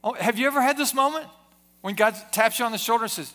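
A man's voice: very high-pitched, expressive, quick pace, fairly bright tone. A man preaching a sermon in a church service, earnest, often repeating his words as he builds a point. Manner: earnest preaching with frequent word repetitions. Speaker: pastor.

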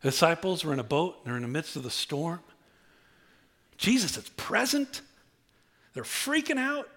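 A man preaching a sermon, swinging from low, intimate tones to high, excited outbursts. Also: normal speed. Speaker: pastor.

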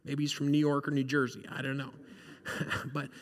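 A man's voice: mid-range voice, monotone, normal speed, big-room sound. A male pastor giving a sermon, earnest and conversational, often checking in with the congregation.

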